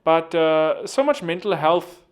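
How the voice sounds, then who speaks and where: A man's voice: a little high, lively intonation, unhurried, clear, resonant tone. A man hosting a podcast, talking in a rambling, casual monologue full of fillers and self-corrections. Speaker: podcast host.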